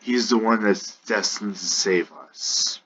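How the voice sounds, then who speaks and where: A man narrating an improvised role-play story at a slow pace, with frequent false starts. His voice is low-pitched with a bright edge. The recording is lo-fi and dull. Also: breathy edge. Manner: halting, with frequent restarts.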